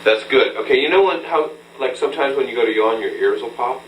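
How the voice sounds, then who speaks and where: A man's voice: mid-range voice, lively intonation, fairly quick. A man coaching a beginner singer through a hands-on breathing lesson, patient and instructive, checking in with a frequent "okay?" in a room with a mirror. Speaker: vocal coach. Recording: roomy, distant, faint hum, old tape.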